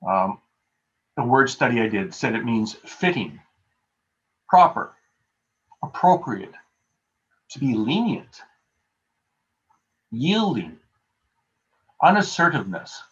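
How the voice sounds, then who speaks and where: A man's voice: medium pitch, big pitch swings, slow pace, pauses often, a bit bright. A male pastor giving a conversational sermon over a video call, telling everyday stories with a self-deprecating touch. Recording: dull lo-fi video call audio.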